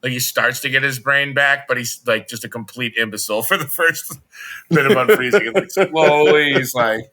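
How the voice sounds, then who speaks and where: A man's voice: mid-range voice, moderate pace, pushed and bright. A man co-hosting a podcast in casual chat, playful and jokey. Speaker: podcast co-host.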